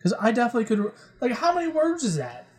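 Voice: mid-range voice, huge pitch swings, quick pace. A podcast co-host chatting casually, making sarcastic jokes about news stories. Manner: sarcastic, joking, swears. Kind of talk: casual chat reacting to online posts.

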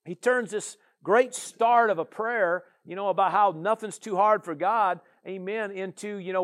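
Chatty preacher man, high voice. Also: lively intonation, normal speed. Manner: conversational preaching, many "you know" and "amen" fillers. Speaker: pastor. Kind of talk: sermon.

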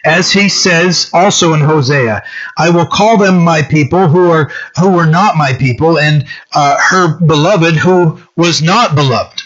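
A male pastor giving a conversational sermon, often checking in with "right?" and pausing on fillers. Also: fairly high pitch, a bit bright. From French-descended local community. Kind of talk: sermon teaching. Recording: dull lo-fi sound.

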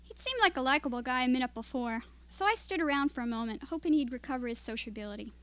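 A woman with a high, light voice reads her own first-person story aloud at a writers' evening. Her delivery is steady and measured, carrying the narration evenly. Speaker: writer reading her work. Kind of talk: reading fiction aloud. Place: literary reading event.

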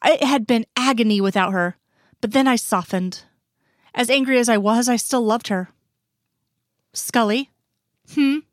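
A woman's voice: a little high, moderate pace, no room sound. Woman reading a story, dry close sound. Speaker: reader. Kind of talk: scripted narration of a story.

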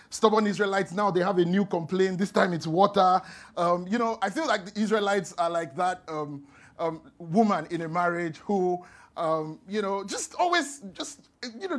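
Man, pastor preaching, high voice, playful storytelling, acts out quotes. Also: fairly bright tone. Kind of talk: sermon.

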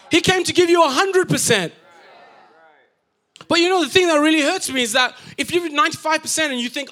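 A young man from Africa preaching in a church, playful and animated as he acts out people's reactions. His voice sits very high for a man and has a bright, forceful edge. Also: brisk. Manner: lively, jokey, acts out reactions with sound effects. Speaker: pastor. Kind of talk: sermon. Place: church auditorium.

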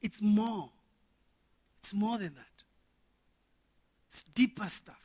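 A man preaching a sermon to men, animated and laughing as he acts out little scenes. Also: high-pitched, slow, breathy edge.

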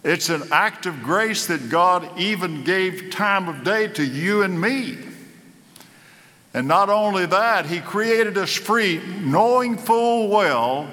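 Slow, bright-voiced preacher in an echoey hall. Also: male voice, high-pitched, expressive. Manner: slow, dramatic preaching with rising emphatic peaks. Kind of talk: sermon.

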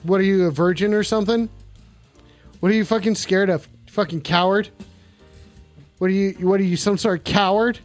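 Brash high-voiced streamer man, crude and taunting. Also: steady tone, normal speed, long pauses, faint music behind. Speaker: streamer playing a talking hot dog. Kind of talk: improvised comedy stream bit.

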